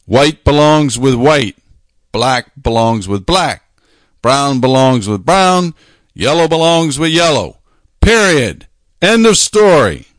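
A man preaching a sermon, talking emphatically, repeating phrases and slowing down to stress his points. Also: mid-range voice, sing-song, dry recording, studio quality.

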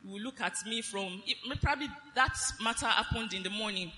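A woman preaching a sermon on marriage, animated, laughing often and lifting phrases into a sing-song lilt. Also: mid-range voice, fairly quick, in a large hall, slight background noise.

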